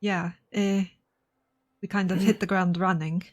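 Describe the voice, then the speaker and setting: A woman's voice: lowish voice, little pitch movement, unhurried. A woman player in a tabletop game, speaking in character in a hesitant, explanatory way. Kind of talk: in-character tabletop role-play.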